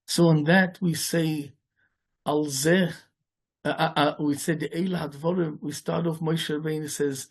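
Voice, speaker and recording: A man, a rabbi, giving a sermon in a rambling, halting way, with many restarts and Hebrew and Yiddish words mixed in. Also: a little high, steady tone, vocal fry, darkish tone, breathy edge.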